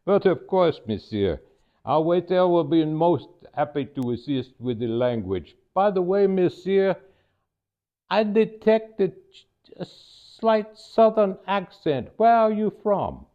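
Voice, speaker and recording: A man's voice: high-pitched, animated, takes it slowly, voice pushed up. A man voicing a formal male French maitre d' with a put-on French accent, courtly and overly polite. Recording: tinny phone-like recording.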